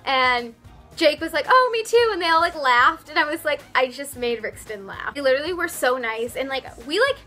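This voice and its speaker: A young woman rambles breathlessly through a storytime vlog, her voice bright and a touch high. She stumbles and restarts, dropping "like" every few words, and her voice sounds slightly worn. Soft music plays faintly underneath. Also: brisk. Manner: rambly, flustered, lots of "like". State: voice a bit worn after losing it at a concert. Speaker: vlogger.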